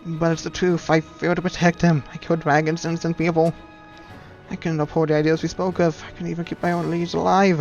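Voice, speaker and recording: A man's voice: on the high side, flat delivery, fast, a little mellow, muffled recording, faint music behind, natural voice. A man voicing a remorseful young female knight, speaking in a broken, apologetic, shaky way. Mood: despairing.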